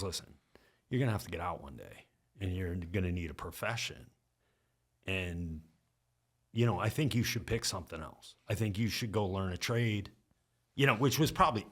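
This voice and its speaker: A middle-aged man telling service stories in casual chat, acting out what others said. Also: deep voice. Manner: animated storyteller acting out quotes. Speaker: podcast guest. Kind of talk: casual storytelling.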